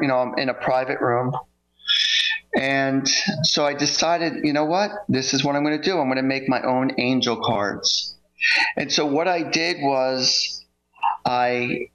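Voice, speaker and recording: A man's voice: medium pitch, a bit bright, muffled recording. A man who works as a psychic reader, telling a story casually and rambling, with many fillers and restarts.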